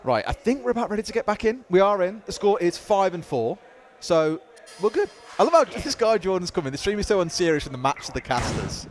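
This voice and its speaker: A British man co-casting an esports match, joking and chatting with his partner between rounds. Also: sits high. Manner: lively, jokey and quick-talking. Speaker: esports caster. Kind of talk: casual co-caster banter.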